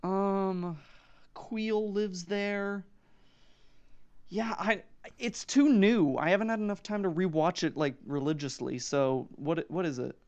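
A young man in casual chat, answering quiz questions eagerly and quickly. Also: high-pitched, darkish tone, lo-fi sound. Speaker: podcast co-host, quiz contestant.

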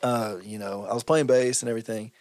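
A young man, a band's bass player, telling a bar story on a podcast in a laid-back, joking way. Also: steady tone, fast, darkish tone, no echo. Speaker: band bassist and podcast guest. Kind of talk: casual podcast chat.

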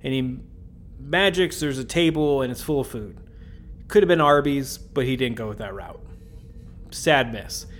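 With slight background noise in the mix, a man with a mid-range voice hosts a podcast, going over an episode in a casual, joking manner full of rambling asides and chuckles.

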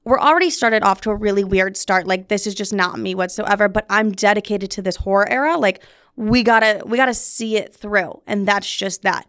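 With a medium-pitched, fairly bright voice at normal speed, a young podcast host shares a personal anecdote in the studio. She's talkative and foul-mouthed, leaning constantly on "like," and the clean recording has no echo.

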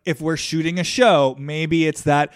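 Reflective man hosting a podcast, higher voice. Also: fairly even intonation, a little slow, smooth, dry recording, studio quality. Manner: probing, reflective questioning. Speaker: podcast host. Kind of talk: casual podcast conversation.

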